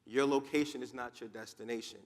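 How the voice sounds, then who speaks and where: A man's voice: mid-range voice, fairly even intonation, brisk. A man from New Jersey giving a motivational speech, telling stories dramatically with emphatic repetition. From Newark, New Jersey, USA. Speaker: motivational speaker. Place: large conference hall. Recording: long hall reverb.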